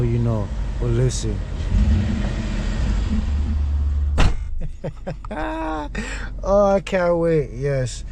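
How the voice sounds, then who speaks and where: A man doing a casual car vlog, talking excitedly and repeating himself as he shows off his truck. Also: mid-range voice. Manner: excited, hyped, repeats phrases. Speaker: car vlogger. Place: in and around a truck outdoors. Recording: outdoor street noise behind.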